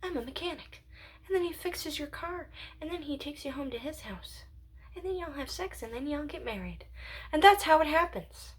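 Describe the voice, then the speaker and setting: This channel owner has a high, animated voice and talks at a normal speed. Alone in her home, she rambles philosophically to her viewers, musing aloud as she drifts into whispering and giggling.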